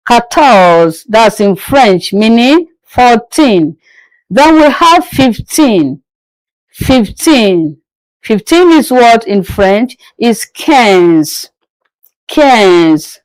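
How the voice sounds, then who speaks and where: Woman, patient language teacher, very slow drilling delivery, dry close sound. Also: a little high, a little mellow, no echo, rough recording. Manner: slow, patient repetition of each word. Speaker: French teacher.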